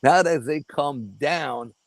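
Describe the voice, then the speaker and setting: A man's voice: on the high side, slow, creaky, no room sound, poor audio. An older man, a guest in an interview, telling a story casually with profanity and acting out the dialogue. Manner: animated, profane, acts out quoted dialogue. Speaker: guest paranormal investigator.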